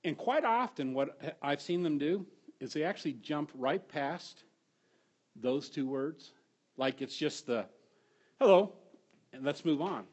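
A middle-aged male pastor preaching a sermon, telling stories with animated swings from hushed to loud. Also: a little high, a little slow, slightly rough.

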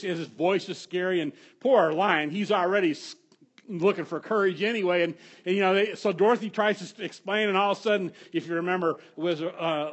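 A middle-aged man preaching a sermon with a somewhat high voice. He tells stories with animated swings, dropping to a hush and then rising to loud, emphatic peaks. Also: muffled recording. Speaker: pastor.

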